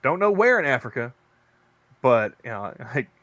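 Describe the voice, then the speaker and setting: A man in a loose podcast chat, circling back over his words and laughing at his own tales. His voice sits at a middling pitch with a dry, close sound. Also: sing-song, moderate pace, fairly bright tone, dry recording. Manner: rambling storyteller with many restarts and laughs. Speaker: podcast co-host; convenience store worker. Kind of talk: casual chat.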